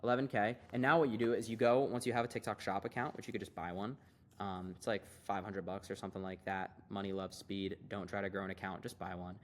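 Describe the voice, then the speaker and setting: A young man giving a casual, hyped screen-share tutorial as an online business coach, talking fast and loose with lots of fillers. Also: on the low side, fairly even intonation, slight background noise.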